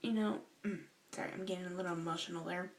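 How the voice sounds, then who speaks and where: A young woman talking earnestly to her camera in a vlog, slow and emotional, halting with sighs and restarts. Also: fairly low pitch, fairly even intonation, slight background noise, rough recording. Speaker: vlogger.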